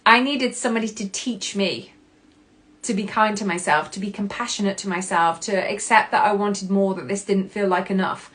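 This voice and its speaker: A woman in her thirties talks through a self-help podcast episode with a middle-pitched voice. She is candid and expressive, swears casually and acts out her own past reactions. The tone is personal and unscripted. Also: normal speed. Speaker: podcast host.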